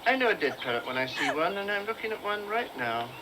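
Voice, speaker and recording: A woman's voice: medium pitch, sing-song, fast talker, natural voice. A woman voicing an indignant male customer who insists, with exasperation, that his parrot is dead. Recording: noisy stream audio.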